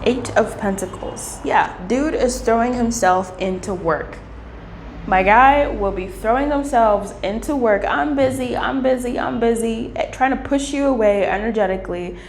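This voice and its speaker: A woman giving a casual tarot reading, playful and animated, who swears freely and acts out little voices. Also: mid-range voice, normal speed. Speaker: tarot reader. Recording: echoey room with faint hiss.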